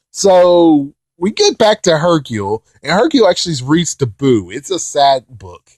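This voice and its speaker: An excitable young man recaps an anime episode in loose, casual chat, laughing and swearing as he goes. His voice sits a bit high for a man and swings widely in pitch. The recording is dry and close, with no room sound. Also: unhurried, no room sound. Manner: excitable, laughs often, swears, puts on characters' lines.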